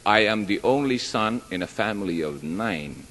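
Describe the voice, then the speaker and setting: A man's voice: on the low side, lively intonation, moderate pace, a bit bright. A man telling jokes on stage at a live show, chatty and rambling, poking fun at himself. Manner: chatty, rambling, self-deprecating. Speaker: stage performer. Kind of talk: live stand-up joke telling. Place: large hall with live audience. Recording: long hall reverb.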